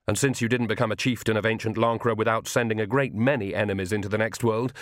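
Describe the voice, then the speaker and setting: A man's voice: medium pitch, no room sound. Man narrating, dry close sound. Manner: even, measured storytelling. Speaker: audiobook narrator. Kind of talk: scripted narration.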